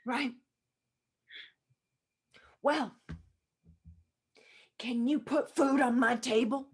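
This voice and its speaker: A woman's voice: high-pitched, fairly even intonation, extremely slow, husky, full character voice. A woman playing a stern, demanding mother who scolds her grown child in an improv comedy scene, blunt and unimpressed.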